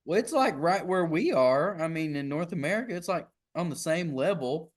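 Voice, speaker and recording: A man's voice: on the high side, animated, normal speed. A man, co-hosting a podcast in casual, joking, playfully incredulous chat. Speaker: podcast co-host.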